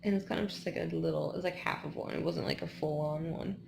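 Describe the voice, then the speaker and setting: A woman's voice: low voice, fairly even intonation, quick pace, vocal fry, background noise. A woman in her twenties chatting casually in a vlog after a race, tired and rambling with lots of "like" and restarts. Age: 20s. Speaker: vlogger.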